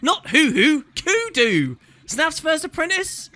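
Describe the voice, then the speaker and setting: A man's voice: a little high, big pitch swings, moderate pace, pushed and bright, full character voice. A man doing a cranky half-deaf old councillor. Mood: grumpy. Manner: gruff, mishearing, scolding.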